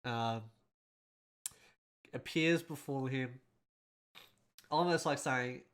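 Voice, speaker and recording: A man's voice: medium pitch, extremely slow, fairly bright tone. A man hosting a casual film breakdown, speaking in a rambling and emotional way with a congested, nasal voice. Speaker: host.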